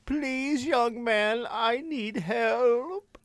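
Sly yokai hag posing as a helpless old woman, put on by a man: quavering falsetto, way up high, pleading. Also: extremely slow, fairly bright tone, no room sound, heavily acted. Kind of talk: comic voice bit on a podcast.

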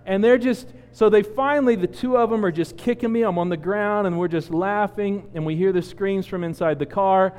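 A man in his forties preaching a sermon, telling a personal story with lively acted-out quotes. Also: sits high, moderate pace, hardly any pauses, smooth, long reverb tail. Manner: animated storyteller, acts out quotes. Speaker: pastor.

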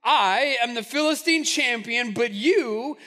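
A man's voice: extremely high pitch, slow pace, pushed and bright, heavily acted. A man voicing a boastful giant warrior who taunts his enemies with scorn. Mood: scornful.

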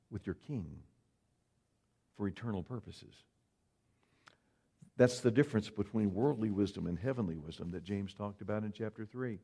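A man's voice: on the low side, warm tone. A male pastor preaching an earnest, conversational sermon with folksy asides.

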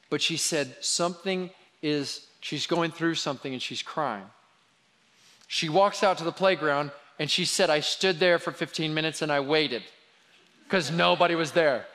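A man preaching a sermon, telling stories about his children in a lively, animated way. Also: a little high. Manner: animated storytelling, quoting his kids. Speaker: pastor. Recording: long hall reverb.

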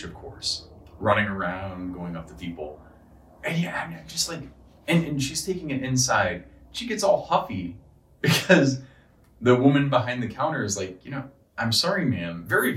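A man with a very deep voice rants in a loose, exasperated way, swearing freely and circling back on himself. His pitch swings widely as he gets worked up. He sounds set back from the mic in a roomy, echoing space. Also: fairly bright tone, far from the mic, a little hiss or hum. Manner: profane, exasperated, rambling with restarts. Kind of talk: casual rant.

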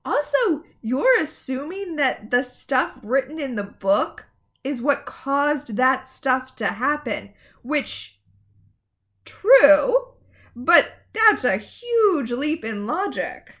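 A woman co-hosting a show recap in casual chat, with sarcastic, animated asides. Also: sits high, slow. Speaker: podcast co-host.

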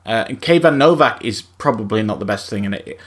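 A man's voice: on the low side, animated, brisk. A man co-hosting a casual podcast, talking hesitantly and searching for words. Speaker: podcast co-host.

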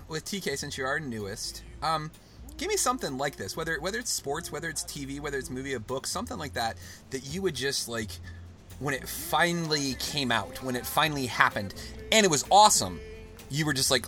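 A man hosting a casual podcast, talking at length and with strong feeling, swinging from excited outbursts to hushed, tender stretches. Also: a little high, fairly quick, soft background music. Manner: long-winded, emotional, swings from excited to hushed. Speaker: podcast host.

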